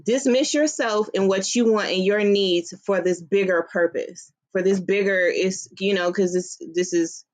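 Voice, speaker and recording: A woman's voice: mid-range voice, unhurried, few pauses. A woman telling her story to viewers, explaining in a reflective, conversational way. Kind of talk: storytime commentary on a recording.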